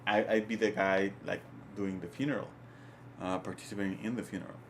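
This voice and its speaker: A man co-hosting a podcast in casual chat, animated and emphatic, often repeating his words. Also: low voice, a little fast, slight background noise. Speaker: podcast co-host.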